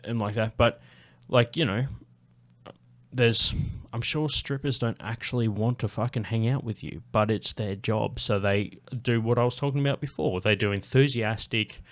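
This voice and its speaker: Male guest, lower register, loose and rambling, full of restarts and casual cursing. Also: normal speed. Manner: rambling, many fillers and restarts, swears freely. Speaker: podcast guest. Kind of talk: casual podcast chat.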